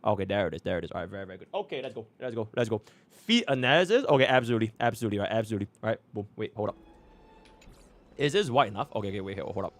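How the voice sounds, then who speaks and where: A young man from Singapore speaks rapid-fire in a lowish, animated voice while streaming live. Working his way through menus, he keeps up a casual chatter, mutters to himself, and repeats filler phrases.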